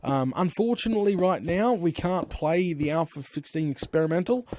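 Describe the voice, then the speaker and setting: Aussie guy streaming games, bit high voice, dry close mic, lots of ums and restarts. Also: normal speed, mellow, dry recording. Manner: rambling, filler-heavy, restarts and self-corrections. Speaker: gaming live streamer. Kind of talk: casual live-stream chat.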